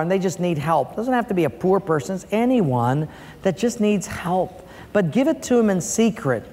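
High-voiced man preaching in a hall. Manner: animated storytelling, acts out voices in a joke. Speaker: pastor. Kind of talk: sermon.

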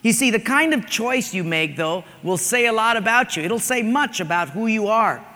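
A male pastor preaching in a high, bright, ringing voice, easy and conversational, weaving in stories. He is in a church sanctuary, and a long reverb trails his words around the hall. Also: lively intonation, normal speed. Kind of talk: sermon.

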